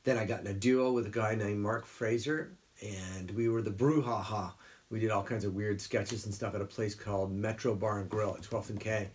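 A middle-aged man, a voice actor, telling career stories in a relaxed interview and slipping into quick character voices. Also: lowish voice. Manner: animated storyteller who slips into quick character voices. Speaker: guest voice actor. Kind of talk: casual interview storytelling.

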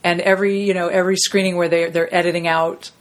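A middle-aged woman, a voice actress, telling stories in a relaxed interview and acting out the people she quotes. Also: fairly low pitch, fast talker. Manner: lively anecdotal, acts out quoted people in shifting voices. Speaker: voice actress guest. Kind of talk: casual storytelling interview.

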